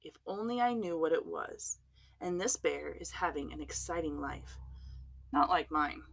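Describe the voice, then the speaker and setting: A woman doing a gentle, wondering grizzly bear. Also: sits low, expressive, a little slow, creaky, full character voice. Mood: wistful. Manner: earnest, wondering.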